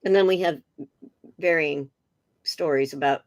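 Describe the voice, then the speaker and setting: A woman's voice: low-pitched, a little slow. A middle-aged woman, a guest on a casual interview over a video call, telling funny anecdotes with lots of energy and laughter. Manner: animated storyteller, laughing often.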